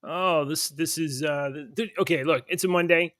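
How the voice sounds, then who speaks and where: A man's voice: on the high side, moderate pace, fairly bright tone, no echo, clean studio sound. A man hosting a podcast, giving casual, blunt, opinionated news commentary. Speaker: podcast host.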